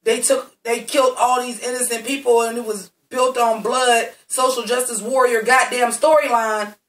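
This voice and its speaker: Speaking at normal speed in an extremely high, bright, sharp-edged voice, this male reviewer recaps a TV episode flatly but with plenty of sass and profanity. He talks bluntly straight to his viewers from a distance, and the room echoes around him.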